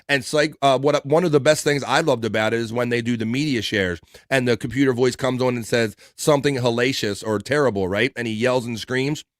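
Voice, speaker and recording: A man's voice: mid-range voice, a little fast, few pauses, no echo, studio quality. A man hosting a live stream, reading chat messages aloud and chatting casually, often chuckling. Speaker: host.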